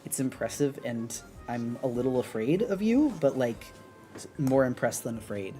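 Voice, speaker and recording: This is a streamer chatting casually while drawing, rambling and restarting often. The voice sits in a middle pitch. Soft music plays faintly behind. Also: expressive, moderate pace. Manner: rambling, many fillers and restarts. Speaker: art streamer. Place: apartment on an upper floor.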